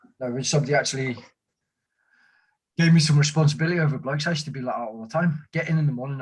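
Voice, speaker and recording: Husky voice, veteran, casual storytelling, mid pitch. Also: male voice, rapid-fire, long pauses. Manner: relaxed, says mate, tells anecdotes. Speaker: guest, army veteran. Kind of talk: casual chat.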